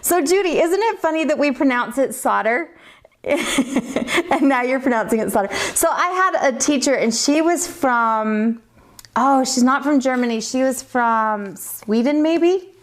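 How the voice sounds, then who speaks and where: Hosting a metalsmithing livestream, this middle-aged teacher from the United States chats easily with her viewers while she teaches, laughing a lot though she sounds weary. She speaks a little slowly in a high voice with lively intonation.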